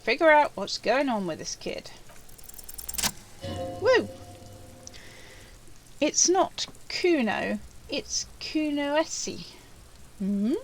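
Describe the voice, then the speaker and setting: A woman's voice: high-pitched, big pitch swings, extremely slow, long pauses, slight background noise. A woman doing a let's play, reading game text aloud and musing over her choices. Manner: musing, chatty. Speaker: let's player.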